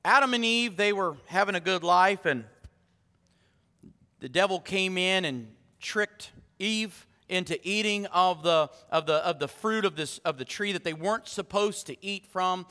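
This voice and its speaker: A man pastor delivers a lively sermon and teases his congregation. His voice is high and bright. The church hall adds a long reverb. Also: unhurried. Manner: lively, joking with the congregation, repeats words.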